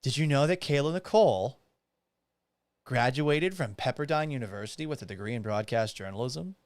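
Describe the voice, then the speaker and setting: A man hosting a radio-style talk show, ranting loudly and profanely with exasperation. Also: medium pitch, lively intonation, normal speed, clean tone, no echo. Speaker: radio broadcaster and show host. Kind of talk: loud ranting commentary.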